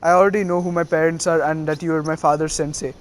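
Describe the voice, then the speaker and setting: A man putting on a cocky teenage ninja boy with a smug attitude. The speech is halting and full of fillers. The pitch sits a bit high. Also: flat delivery, lightly acted. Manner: halting, filler-heavy delivery.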